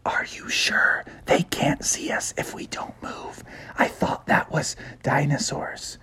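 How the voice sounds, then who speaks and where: A man voicing an excitable young frog in a bedtime story, talking high and breathless. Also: unhurried, heavily acted. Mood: whispered fear. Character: excitable young male frog, eager and curious.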